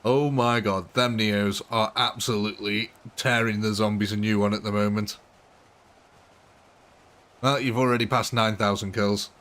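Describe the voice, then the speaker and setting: A man's voice: on the low side, fairly even intonation, moderate pace, a bit bright. A man chatting casually while live-streaming a game late at night, chuckling often. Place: home at night.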